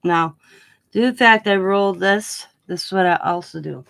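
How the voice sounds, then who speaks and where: A woman's voice: medium pitch, moderate pace, creaky, a bit bright. A woman hosting a casual crafting livestream, chatting loosely as she works and chewing gum while she talks. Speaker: craft channel host.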